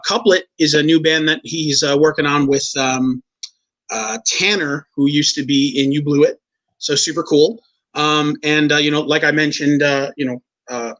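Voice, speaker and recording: A man's voice: a little high, fairly bright tone, low-quality recording. A man hosting a music podcast, talking casually and rambling with lots of ums and restarts. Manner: rambling, many fillers and restarts. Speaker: podcast host.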